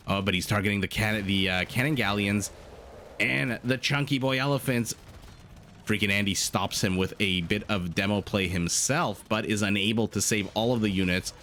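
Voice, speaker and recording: A man casting a strategy game match as a tournament co-host, excitable and prone to rambling tangents. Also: on the low side, moderate pace, slight background noise. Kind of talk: esports match commentary.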